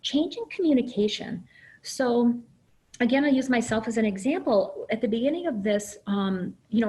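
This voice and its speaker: A middle-aged woman presents a webinar over a video call, open and down to earth. She talks at an ordinary middle pitch, often pauses on "um", and draws examples from her own life. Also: low-quality recording. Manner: candid, uses herself as example, many fillers. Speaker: early childhood program director.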